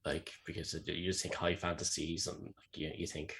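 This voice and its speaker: A man's voice: low-pitched, flat delivery, brisk, gravelly, a bit bright, breathy edge. A man co-hosting a casual podcast, laid-back and playful, laughing often. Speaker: podcast co-host. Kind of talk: casual chat.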